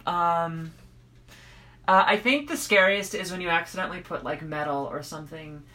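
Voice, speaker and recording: A woman co-hosting a podcast in casual chat, telling stories in a chatty, animated way. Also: lowish voice, moderate pace, rough recording. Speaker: podcast co-host.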